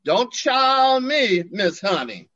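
A man's voice: high voice, big pitch swings, unhurried, fairly bright tone, no echo, muffled recording, pitched above the performer's own voice, full character voice. A man putting on a sassy drawling Southern queen. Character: sassy flamboyant Southern gay man, commanding.

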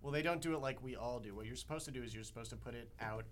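Measured young male reporter, mid-pitched. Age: young adult. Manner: measured, hesitant, many uh fillers. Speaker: reporter guest. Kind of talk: interview answers.

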